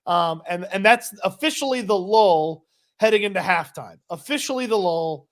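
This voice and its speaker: High-voiced man recapping football. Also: animated, a bit bright. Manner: rapid play-by-play recap, laughs often. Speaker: podcast co-host. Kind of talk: casual sports talk.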